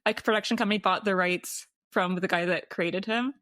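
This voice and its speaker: A woman's voice: mid-range voice, moderate pace, a bit bright, no room sound, clean studio sound. A woman guesting on a podcast, chatting in an easygoing, agreeable way with frequent laughs. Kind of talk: casual chat.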